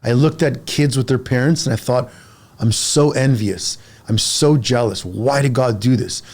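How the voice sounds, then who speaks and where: A man in his forties, a fitness coach talking on a casual podcast, emphatic and animated, speaking in quick bursts with repeated words. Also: medium pitch. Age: 40s.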